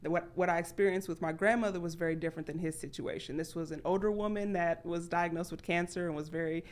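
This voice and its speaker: A woman guest on a podcast, talking candidly and acting out her past thoughts with sudden jumps in pitch. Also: fairly even intonation, fast talker, hardly any pauses. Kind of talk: candid conversational storytelling.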